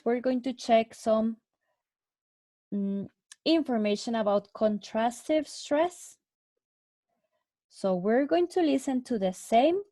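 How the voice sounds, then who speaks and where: A woman teaching an English lesson, explaining answers slowly and clearly with repeated examples. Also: high voice, darkish tone, no room sound. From Mexico. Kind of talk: recorded online English lesson.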